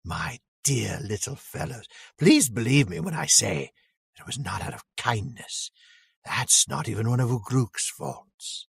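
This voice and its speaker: Hissing orc villain, gravelly, husky, swooping wildly in pitch, dry sound. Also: male voice, lively intonation, a little slow, dry recording, heavily acted. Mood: silky menace. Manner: silky threats that flare into snarling. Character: sinister male orc, menacing and hissing. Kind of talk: dramatic reading.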